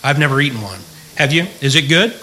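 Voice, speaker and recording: Joking, bright-voiced man teaching a Bible class. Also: mid-range voice, lively intonation, quick pace, rough recording. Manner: folksy and joking, asks the room questions. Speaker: pastor.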